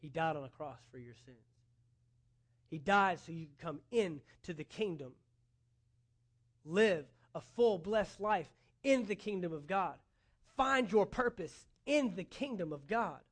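A man with a high-pitched voice preaches a sermon. He speaks earnestly, building emphasis as he goes, and acts out imagined dialogue to make his points. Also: expressive, a little slow, pauses often. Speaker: pastor.

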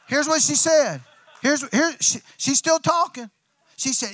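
A man preaching, telling a story in a folksy, excitable way, restarting often and now and then breaking into loud shouts. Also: very high voice, measured pace, no echo. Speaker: pastor. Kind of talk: sermon storytelling.

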